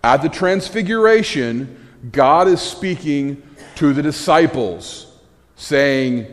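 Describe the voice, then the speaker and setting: A man preaching a conversational sermon, telling the story with animated energy and wry asides. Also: medium pitch, a little slow. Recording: echoey hall.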